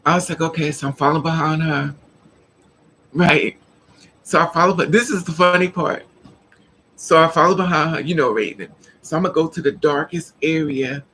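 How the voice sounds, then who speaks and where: A woman's voice: low-pitched, fairly bright tone, a little hiss or hum, poor audio. A woman vlogger casually telling a personal story to her viewers, acting out the dialogue and laughing often.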